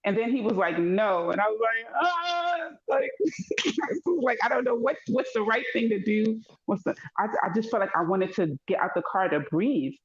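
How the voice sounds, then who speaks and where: A woman in casual chat, telling stories with animation and acting out dialogue in a higher voice. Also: brisk. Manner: animated storytelling, acts out dialogue in high voice. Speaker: podcast co-host. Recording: dull echoey room.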